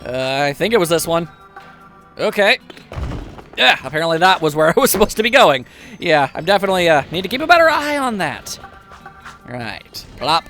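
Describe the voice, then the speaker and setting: A man's voice: on the high side, very animated, normal speed, pauses often, bright, forceful tone, soft background music. A man casually commentating a video game as he plays, chatty and wry, with self-mocking asides. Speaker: gameplay commentator. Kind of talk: casual let's play commentary.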